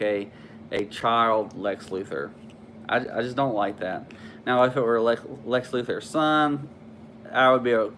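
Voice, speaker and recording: A man with a somewhat low voice talks through a comic book review in a loose, chatty way. He rambles, restarts his sentences and fills gaps with ums and likes. A faint hiss sits under the recording. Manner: rambling, many fillers and restarts. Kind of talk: casual spoken review.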